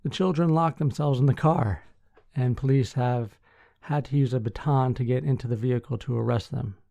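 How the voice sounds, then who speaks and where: A sleepy man hosts a podcast, reading news articles aloud and stopping for deadpan asides. His voice is gravelly and mellow. The recording is dull and dry, made close to the mic. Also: medium pitch, normal speed, dry recording. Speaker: podcast host.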